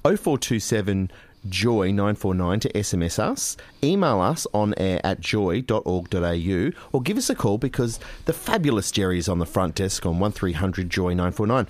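A man co-hosting a radio show, chatting casually and gushing over old TV. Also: on the low side. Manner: animated, gushing, quick to exclaim.

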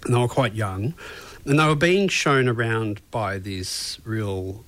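A man co-hosting a breakfast radio show, telling stories in a casual, animated way and acting out what other people said. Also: lowish voice, unhurried. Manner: animated storytelling, acts out quotes, laughs often. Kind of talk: casual on-air chat. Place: radio studio. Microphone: studio mic.

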